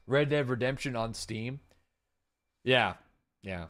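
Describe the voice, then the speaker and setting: Male gaming streamer, mid-range voice, relaxed live-chat delivery with fillers. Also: mid-range voice, unhurried, long pauses. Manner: relaxed and chatty, with frequent fillers and asides to chat; thanks subscribers by name with warm enthusiasm. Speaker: livestreaming gamer and host.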